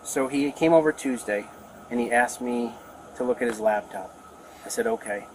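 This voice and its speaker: A man's voice: mid-range voice, normal speed. A young man, a neighbor, rambling through a retelling of events to police outdoors and acting out what others said. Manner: rambling, acts out quoted talk. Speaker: neighbor giving a statement. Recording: noisy outdoor body camera audio.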